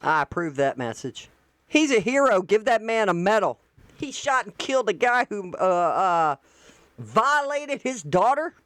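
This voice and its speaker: A woman's voice: medium pitch, big pitch swings, unhurried, fairly bright tone, no room sound. A woman hosting casual political commentary, blunt and exclamatory with folksy asides. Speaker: host.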